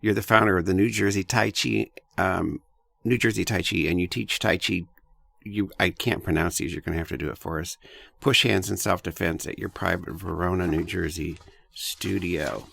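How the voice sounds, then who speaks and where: A man hosting an interview podcast, speaking in a friendly, halting way with frequent self-corrections. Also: deep voice, steady tone, vocal fry, fairly bright tone, slightly rough, dry recording. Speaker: podcast host. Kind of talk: casual interview chat.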